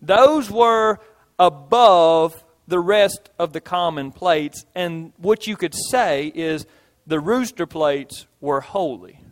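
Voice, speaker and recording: A man's voice: high-pitched, slow pace. A male pastor, preaching a sermon in a folksy way, with homey stories and emphatic repetition.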